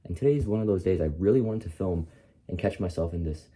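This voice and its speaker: Groggy 20yo guy rambling and swearing at the camera, deep husky voice. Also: fast, mellow. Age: 20s. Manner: casual, profane, rambling with slang fillers. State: groggy and tired. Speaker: content creator. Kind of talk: casual motivational vlog.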